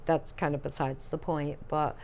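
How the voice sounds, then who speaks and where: A woman co-hosting a casual paranormal chat, telling stories in a chatty, animated way. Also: low-pitched, moderate pace, gravelly. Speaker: paranormal podcast co-host.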